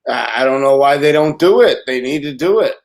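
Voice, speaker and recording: A man hosting a casual video-call interview, chiming in with quick jokes and agreement. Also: medium pitch, expressive. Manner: affirming, joking interjections. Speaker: host.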